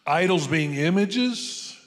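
A man's voice: high voice, animated, slow pace. A man preaching a sermon in a church, rambling through folksy stories and asides, often checking in with "amen?". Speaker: pastor. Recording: long hall reverb.

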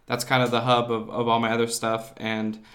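A man's voice: mid-range voice, completely flat delivery, fairly quick, a bit bright. Playful man guest on a podcast. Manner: playful, teasing. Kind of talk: casual chat.

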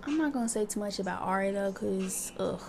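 A woman's voice: mid-range voice, a little fast, vocal fry, darkish tone, soft background music. A young woman hosting her own podcast, talking candidly in a casual monologue and swearing freely. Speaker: podcast host.

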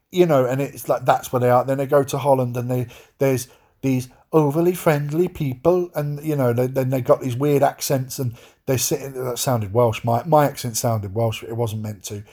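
A man's voice: medium pitch, darkish tone. A man hosting a podcast, giving an exasperated, swear-filled review in a casual ranting style, often restarting his sentences. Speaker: podcast host reviewing a film.

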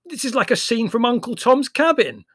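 A man's voice: very high voice, big pitch swings, moderate pace, husky, no room sound, studio quality, pitched above the performer's own voice, heavily acted. A man voicing a haughty, impatient young man who bellows in exasperation. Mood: exasperated. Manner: loud, exasperated, cutting.

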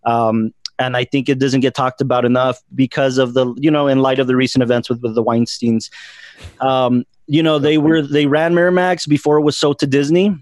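A man's voice: medium pitch, little pitch movement, brisk, a little mellow, no room sound. A man hosting a film podcast, talking casually with many fillers and restarts. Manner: rambling, lots of fillers and restarts. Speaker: podcast host.

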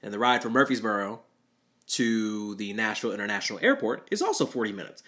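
A man's voice: lowish voice, big pitch swings, fast talker, bright, forceful tone. A young man, a rideshare driver, telling a rambling, self-deprecating story with nervous laughs. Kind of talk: storytelling monologue.

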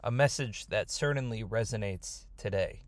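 In a voice on the low side, a man retells a scripture story at a moderate pace, casually and conversationally. As a Torah storyteller, his retelling is lively and informal, with no echo.

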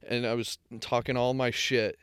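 A young man chats casually, telling a meandering story that keeps doubling back on itself, and he swears freely. His voice is smooth and clear. The room is dry, with little reverb. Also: medium pitch, little pitch movement, moderate pace, a bit bright. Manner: rambling storyteller, swears freely, self-correcting. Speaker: podcast co-host. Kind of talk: casual chat.

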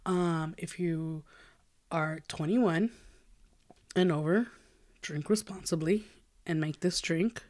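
A woman co-hosting a podcast with her sister, chatting casually with a lowish voice. She is blunt and teasing and swears freely. She sounds a bit tipsy. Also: takes it slowly, pauses often, darkish tone. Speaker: podcast co-host. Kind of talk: casual chat.

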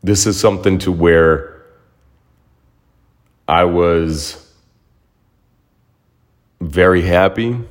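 A young man hosts a solo podcast, reflecting on his own story with heartfelt emotion and often repeating words while he collects his thoughts. His voice sits low with fairly even intonation, and he speaks extremely slowly, leaving long pauses in this casual monologue.

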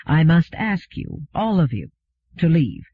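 A man doing a quiet, courteous robot. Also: a little high, big pitch swings, husky, no room sound, full character voice. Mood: calm. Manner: quiet, formal, measured. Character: calm, unfailingly polite male humanoid robot. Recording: phone-like narrow sound.

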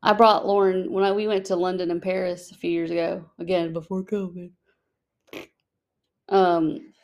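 A woman's voice: lowish voice, level tone, moderate pace, a little mellow, highs cut off. A young American woman co-hosting a podcast, chatty, laughing easily and acting out little quotes. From United States. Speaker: podcast co-host. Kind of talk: casual chat.

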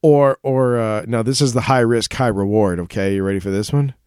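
A man's voice: mid-range voice, fairly quick, darkish tone, clear, resonant tone, dry recording, studio quality. A man co-hosting a podcast in casual comedic chat, joking and laughing often. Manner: playful, jokey, laughs often. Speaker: podcast co-host.

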